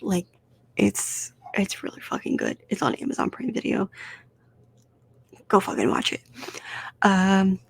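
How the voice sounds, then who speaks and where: A woman hosting a casual solo podcast, animated and swearing freely as she rambles through film rankings. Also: medium pitch, measured pace, gravelly, pauses often, slightly rough. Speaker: podcast host.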